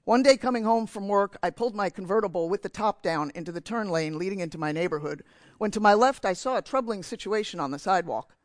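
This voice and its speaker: A man's voice: high voice, quick pace, no echo. A man from New Jersey giving a sermon in church, telling a candid, self-mocking story about himself. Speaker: preacher.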